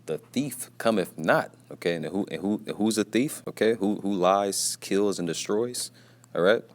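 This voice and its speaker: Deep-voiced man giving a scripture lesson. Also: unhurried. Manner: repetitive, peppers talk with "man" and "you see"; speaks quietly at times, mindful of being at work. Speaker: scripture teacher. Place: at his workplace.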